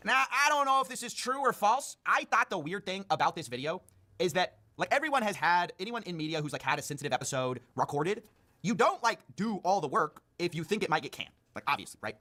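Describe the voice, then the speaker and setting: An online commentator recapping internet drama in a played video, sarcastic and quick. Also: mid-range voice, big pitch swings, bright, forceful tone.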